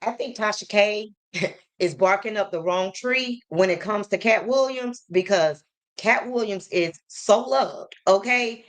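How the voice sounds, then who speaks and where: A woman's voice: medium pitch, a little slow. A woman commentator giving casual, opinionated gossip commentary to her viewers.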